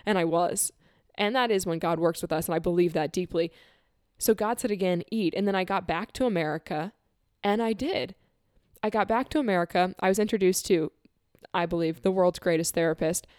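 A woman in casual conversation, telling a personal story in an earnest, animated way, laughing often and acting out quotes. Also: lowish voice, brisk, smooth, dry recording, clean studio sound.

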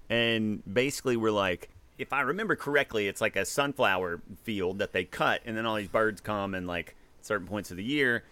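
A man from Mississippi, hosting a casual chat and telling stories with lots of laughter and acted-out quotes. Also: lowish voice. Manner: animated storyteller, laughs often, acts out quotes.

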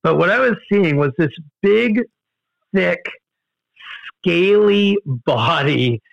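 A man telling a story in casual conversation, animated, with many fillers and restarts. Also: takes it slowly, gravelly, no room sound, highs cut off. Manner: animated, jumps in pitch for quoted outbursts, many fillers and restarts. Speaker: guest storyteller.

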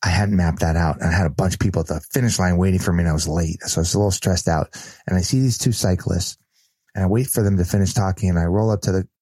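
A man guest telling an earnest, animated personal story in casual conversation, with frequent restarts. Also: deep voice, quick pace, no echo. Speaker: podcast guest.

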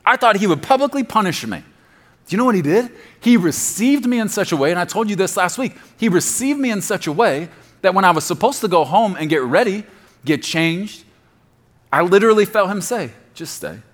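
Animated man preaching a sermon. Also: high-pitched, brisk. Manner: conversational preaching, drops to soft murmur for quoted prayers. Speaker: pastor.

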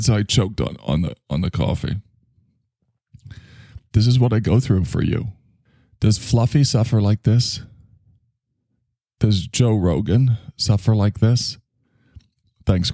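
Gravelly, deep-voiced joking podcast host. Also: male voice, dark tone, dry recording, clean studio sound. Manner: joking, self-mocking, rambling; reads out listener chat messages. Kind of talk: casual live-stream podcast monologue.

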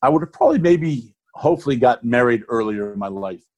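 A middle-aged man talks as a guest on a show, rambling in a friendly, folksy way. His voice sits at an ordinary middle pitch. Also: expressive, a little fast, a little mellow. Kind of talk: casual interview talk.

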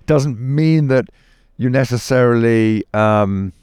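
A man's voice: medium pitch, slow, a little mellow, clear, resonant tone, no echo, studio quality. A man from the United Kingdom in a conversational interview, thinking aloud with frequent restarts and fillers. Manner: thoughtful, hesitant with many restarts and fillers. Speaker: guest.

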